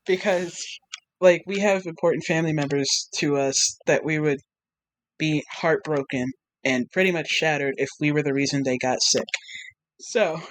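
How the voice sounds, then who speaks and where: Animated young storyteller, dry close mic. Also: medium pitch, normal speed, no echo, poor audio. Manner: animated storytelling, acts out own past reactions. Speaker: interview guest, artist. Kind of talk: casual interview chat.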